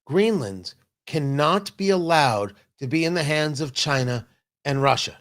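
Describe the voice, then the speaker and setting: A male talk show host with a fairly high voice that swings widely up and down. He argues his points with energy and acts out quotes with sudden loud bursts. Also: expressive, a little slow. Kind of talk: opinionated political talk.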